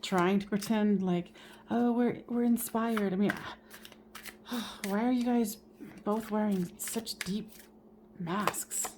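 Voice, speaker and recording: A woman with a mid-pitched voice gives a casual, expressive tarot reading, swearing freely and chuckling at her own remarks. Faint background noise sits under her voice. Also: takes it slowly, long pauses. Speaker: tarot reader.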